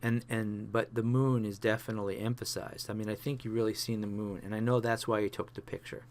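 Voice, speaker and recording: A man's voice: lowish voice, flat delivery, brisk. A man teaching a photography class, talking through example pictures with many fillers and restarts. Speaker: photography instructor.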